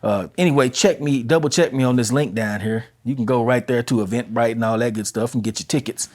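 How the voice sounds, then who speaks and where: A man's voice: medium pitch, a little fast, darkish tone. A man hosting a podcast from home, chatting casually and straight to his listeners as he runs through local announcements. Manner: laid-back, chatty, talks straight to listeners. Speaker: podcast host.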